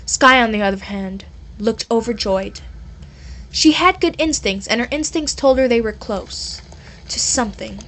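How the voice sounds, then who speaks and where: A woman reading a story game aloud for her viewers. Her voice is high, and she breaks off now and then for chatty, joking asides. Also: lively intonation, a little slow, a bit bright. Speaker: game player and narrator.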